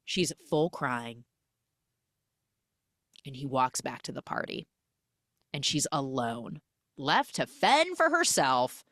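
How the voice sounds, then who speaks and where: Her pitch is extremely low, and she talks slowly with long pauses, captured in clean studio sound without any room echo. As host of a casual film recap podcast, she acts out characters' dialogue in lively retellings full of "like."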